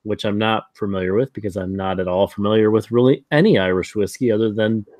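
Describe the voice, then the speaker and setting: Man, lowish voice, blunt, stammering, casual chat, dry sound. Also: fast, a little mellow, dry recording. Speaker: podcast co-host, a father.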